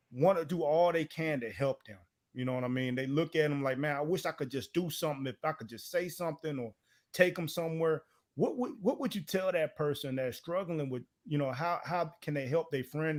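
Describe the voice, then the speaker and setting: A man's voice: medium pitch, a little mellow. A man asking a guest a question in a casual, rambling way with plenty of you-knows. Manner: rambling, casual, uses fillers like you know. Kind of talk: conversational interview question.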